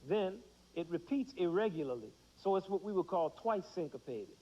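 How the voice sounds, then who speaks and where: A man's voice: sits high, animated, normal speed, mellow, long reverb tail, lo-fi sound. A man teaching children about rhythm in a playful, demonstrative way, counting beats aloud. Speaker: music teacher.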